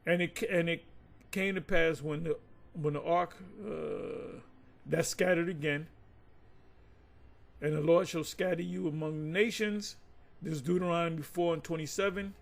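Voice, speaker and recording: A man reading scripture aloud in halting bits, then breaking into loose ranting commentary full of restarts and stumbles. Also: a little high, fairly even intonation, creaky.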